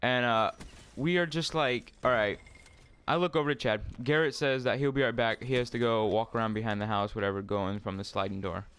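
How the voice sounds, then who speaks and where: A man's voice: mid-range voice, fairly even intonation, a little fast, fairly bright tone, clean tone. Rambling young man telling a story. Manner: rambling, full of fillers and swearing. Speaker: storyteller vlogger. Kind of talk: casual storytime while gaming.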